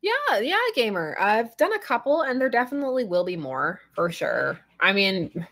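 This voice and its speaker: Chatty husky woman hosting a live stream. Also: medium pitch, sing-song, normal speed, fairly bright tone. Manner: chatty, rambling, laughs often. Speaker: fandom channel host. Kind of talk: casual live-stream chat.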